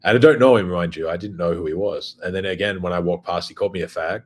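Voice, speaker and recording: A man's voice: sits low, fast talker, slightly rough. A man hosting his own show, talking in a blunt, profane, casual monologue. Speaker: host.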